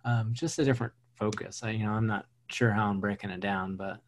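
A man's voice: fairly low pitch, steady tone, a little fast. A man in casual music chat, hedging often with "like" and "you know".

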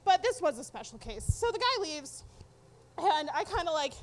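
A woman's voice: sits high, big pitch swings, moderate pace. A young adult woman telling a personal story to an audience, candid, profane and wry.

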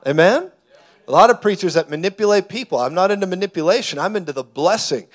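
Guy preaching hard in church, voice a bit on the high side, gets loud and fired up. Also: expressive, fast talker. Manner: fervent, building to shouts. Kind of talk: sermon. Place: church hall before a congregation.

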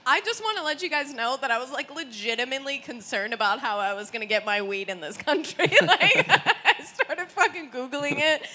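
A young woman from the United States telling a story to friends in a casual, animated way, laughing often and swearing as she acts out what people said. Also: high voice, moderate pace, few pauses.

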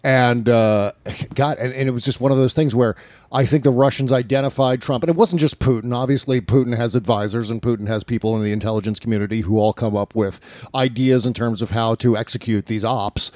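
A man's voice: mid-range voice, fairly even intonation, a little fast, darkish tone, no room sound. A man hosting a casual political talk show. He rambles, laughs often and acts out mock quotes. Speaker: podcast host.

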